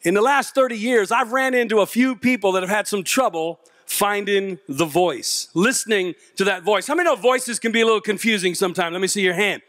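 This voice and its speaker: A man's voice: high voice, brisk, few pauses, dry recording, studio quality. A middle-aged man giving a comedic motivational speech to teenagers, telling stories and acting out the voices. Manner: animated storyteller, acts out voices and jokes. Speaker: motivational youth speaker. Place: large auditorium with a young audience.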